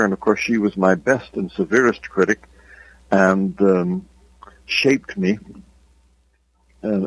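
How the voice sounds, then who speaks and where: Older irish guy, kinda husky, pauses a lot while telling his story, dry sound. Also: fairly low pitch, no echo, rough recording. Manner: reflective, unhurried, with hesitant pauses. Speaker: author guest. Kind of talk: interview storytelling.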